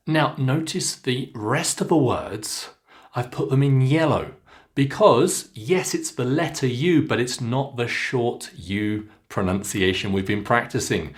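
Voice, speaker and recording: A man with a British English accent teaching pronunciation, saying single words slowly and clearly for learners to repeat. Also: mid-range voice, expressive. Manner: slow, clearly enunciated drilling of single words. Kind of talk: follow-along pronunciation lesson.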